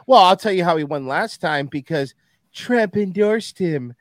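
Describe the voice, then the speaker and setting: A man's voice: high-pitched, lively intonation, measured pace, dry recording, studio quality. A man co-hosting a podcast, talking in blunt, profane, jokey casual chat.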